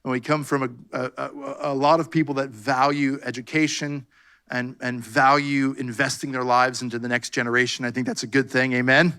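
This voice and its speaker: A man's voice: medium pitch, little pitch movement, normal speed, bright, forceful tone, smooth. A man pastor preaching a fervent sermon, calling out "come on" and "amen" to his congregation. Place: church sanctuary.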